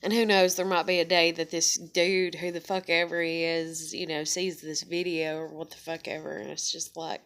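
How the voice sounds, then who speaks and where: A woman's voice: lowish voice, level tone, moderate pace, hardly any pauses, fairly bright tone. A woman vlogger talking through a casual personal monologue, rambling with lots of fillers and heavy swearing.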